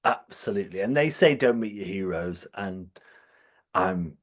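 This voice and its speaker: A man co-hosts a casual podcast chat, telling stories with plenty of enthusiasm and laughing often. His voice is low and animated, and he keeps a measured pace.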